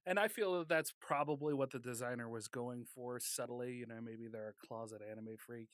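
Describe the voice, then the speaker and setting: A man's voice: medium pitch, a little fast, fairly bright tone, dry recording. A man co-hosting a casual podcast chat, joking and laughing often. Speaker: podcast co-host.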